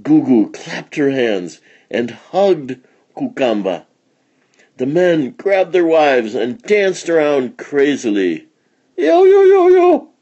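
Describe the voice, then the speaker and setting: Male storyteller, children's read-along, warm dark tone, animated delivery. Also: medium pitch, takes it slowly, husky, lo-fi sound. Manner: expressive, lively storytelling.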